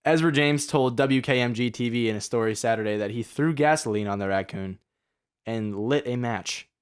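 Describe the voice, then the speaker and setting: A man's voice: medium pitch, moderate pace, clear, resonant tone, no echo, studio quality. A young man co-hosting a casual podcast, teasing his friend and laughing as he talks. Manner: jokey, teasing, laughs while talking. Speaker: podcast co-host. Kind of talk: casual chat.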